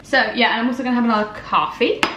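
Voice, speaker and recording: A woman's voice: a little high, very fast, music in the background. A young woman chatting casually through her day, laughing often and poking fun at herself. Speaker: vlogger. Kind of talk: casual chat. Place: home kitchen. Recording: echoey kitchen with clatter.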